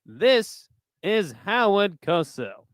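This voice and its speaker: A man doing a comic impression of a pompous old male boxing announcer, with a slow, grandiose cadence, on a live stream. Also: high-pitched, big pitch swings, no room sound, studio quality, exaggerated voice. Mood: bombastic.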